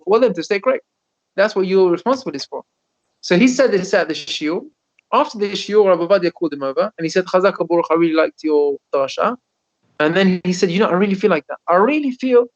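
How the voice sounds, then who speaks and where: A man, a rabbi, telling stories in a Torah class over a video call, animated and often repeating his words. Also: high voice. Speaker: rabbi teaching a Torah lesson. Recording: dull lo-fi video call audio.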